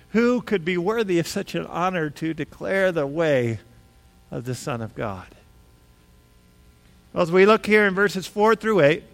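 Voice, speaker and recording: A man preaching a sermon in a high voice. He talks to his congregation casually, then presses into animated, emphatic stretches when a point matters. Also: in a large hall. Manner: conversational, animated with rising emphasis. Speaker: pastor.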